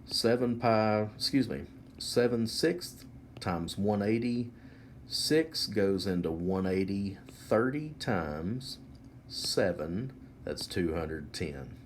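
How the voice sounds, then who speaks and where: A man teaching a whiteboard math lesson, explaining each step slowly and methodically. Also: fairly low pitch, lively intonation, a little hiss or hum.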